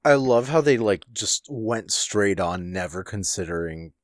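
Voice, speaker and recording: Laid-back young man, slow lively drawl. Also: lowish voice, dry recording, clean studio sound. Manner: laid-back, swears freely, trails off and restarts. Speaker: podcast co-host. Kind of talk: casual chat.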